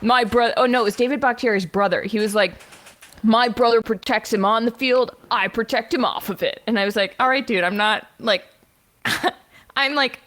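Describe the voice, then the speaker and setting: A young adult woman co-hosting a podcast, telling a story in a casual, animated way, with lots of laughing and filler words. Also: fairly high pitch, moderate pace. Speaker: podcast co-host.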